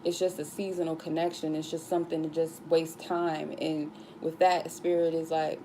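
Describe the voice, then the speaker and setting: A woman's voice: low voice, flat delivery, normal speed, hardly any pauses, warm tone, a little hiss or hum. A woman tarot reader giving a casual spiritual talk, blunt and goofy, swearing freely.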